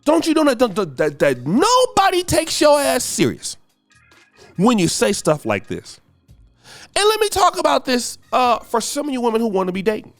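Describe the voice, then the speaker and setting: A man from the United States hosting a podcast, delivering a ranting commentary monologue in a preachy, emphatic way that swings from shouting to muttering. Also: very high-pitched, huge pitch swings, moderate pace, no echo, faint music behind. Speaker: podcast host.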